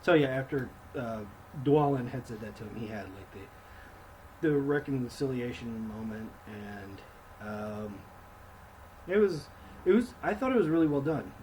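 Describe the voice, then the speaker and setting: A man co-hosting a casual film review chat, rambling and swearing, acting out scenes in quick mock voices. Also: mid-range voice, expressive, a little mellow, slight background noise, rough recording.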